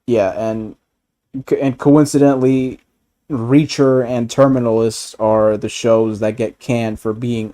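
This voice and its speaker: A man ranting in casual chat as a streamer, animated and profane, often laughing. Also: medium pitch, measured pace, dry recording.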